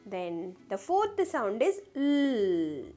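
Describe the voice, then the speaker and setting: A woman teaching a children's phonics lesson, slowly sounding out letters and asking the class questions. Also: a little high, very animated, mellow, faint music behind.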